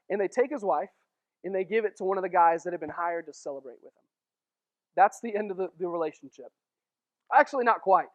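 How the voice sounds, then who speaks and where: A young man giving a casual sermon to a youth group, telling the story with jokes and quick acted asides. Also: sits high, expressive, a bit bright. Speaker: youth pastor.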